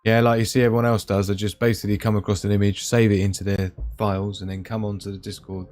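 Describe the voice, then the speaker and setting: A man's voice: on the low side, flat delivery, quick pace, few pauses, darkish tone, faint music behind. Jokey man hosting a live stream. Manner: jokey, teasing, laughs often, playful pet names. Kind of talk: casual live chat reading viewer comments.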